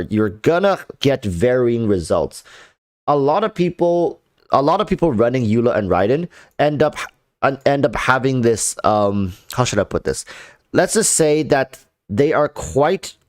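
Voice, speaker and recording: Male livestreamer, congested and nasal, loose chatty delivery. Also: lowish voice. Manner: chatty, often restarts his sentences. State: congested sinuses. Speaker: game streamer. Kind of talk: casual livestream commentary.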